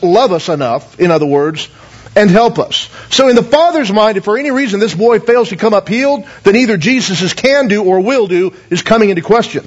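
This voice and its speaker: A male pastor with a high voice preaches a sermon in an earnest tone. He reads scripture, prays, puts questions to the congregation and repeats his words as he thinks aloud. The recording is dull and lo-fi. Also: animated, brisk, breathy edge. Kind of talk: sermon with scripture reading and prayer.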